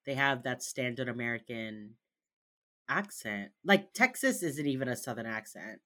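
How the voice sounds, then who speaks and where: A woman's voice: a bass voice, expressive, moderate pace, sharp tone. A woman co-hosting a podcast, recapping a show in a wry, casual way. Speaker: podcast co-host. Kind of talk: casual chat.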